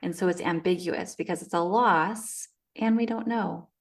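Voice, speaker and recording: Calm, thoughtful woman guest. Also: lowish voice, normal speed, slightly rough. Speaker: podcast guest. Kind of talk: conversational podcast interview.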